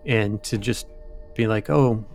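A man with a gravelly, creaky voice tells a ghost story in a casual podcast chat. He rambles, drops in asides and fillers, and his pitch sits in the middle range. Faint music plays beneath him. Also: moderate pace. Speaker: podcast co-host.

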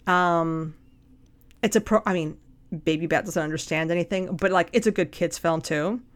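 A woman co-hosting a podcast, chatting casually and telling animated stories. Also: on the low side, normal speed. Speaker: podcast co-host. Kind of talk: casual chat.

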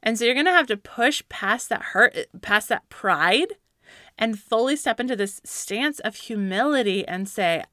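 A woman's voice: fairly high pitch, animated, measured pace, sharp tone, no echo, studio quality. A woman and mother giving casual Christian parenting advice, earnest and encouraging, with light laughs and fillers.

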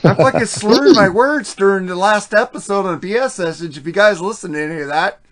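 Blunt, high-voiced swearing podcast man. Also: a bit bright. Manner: blunt, profane, quick to laugh. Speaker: podcast co-host. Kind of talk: casual album review chat.

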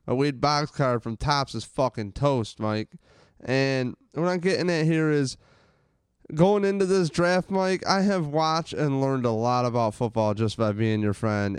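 A man rants about his team in loose, profane bursts. His voice is smooth and clean, recorded close and dry with no room sound. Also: mid-range voice, no room sound. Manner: ranting, profane, fast and rambling. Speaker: podcast co-host. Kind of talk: casual sports chat.

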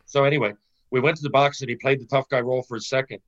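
This middle-aged Canadian ex-pro hockey player talks rapid-fire in a mid-range voice, and the recording is muffled. He tells a casual anecdote full of swearing, animatedly acting out the quotes.

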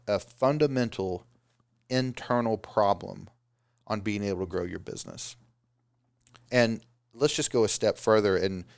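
Small-business owner, male, gravelly, casual motivational talk, dry sound. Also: lowish voice, dry recording. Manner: animated, does mocking voices of excuses. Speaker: business owner giving advice.

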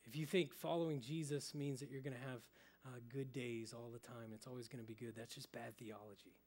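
A young adult male pastor preaching a sermon, telling stories and dropping to a soft, hushed voice for emphasis. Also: medium pitch, fairly even intonation, a little fast. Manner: storytelling, with sudden drops to soft, hushed emphasis.

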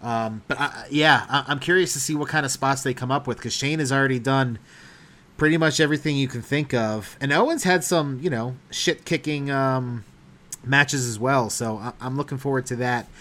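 A man's voice: medium pitch, normal speed, bright, forceful tone. A man co-hosting a podcast, talking things through casually with frequent hedges and fillers. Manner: thoughtful, hedging, laughs often. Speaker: podcast co-host. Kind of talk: casual chat.

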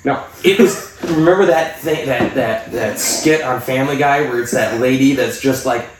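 A man's voice: medium pitch, moderate pace, noisy background. A man telling blunt, profane stories as a podcast co-host in casual chat. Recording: echoey room, distant mic.

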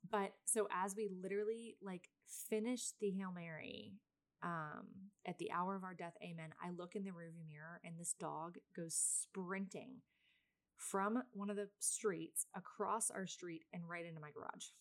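A woman in her thirties chats through a long personal story in a casual vlog, voice sitting a little low. She rambles with plenty of fillers and asides. She is a mother talking straight to her viewers. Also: fairly even intonation, unhurried. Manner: chatty and rambling, many fillers; self-described very loud person.

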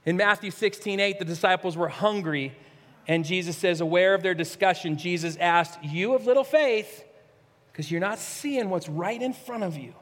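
A male pastor preaching a sermon with earnestness, swinging from near-shouts to hushed, low asides. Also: moderate pace. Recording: long reverb, echoey hall.

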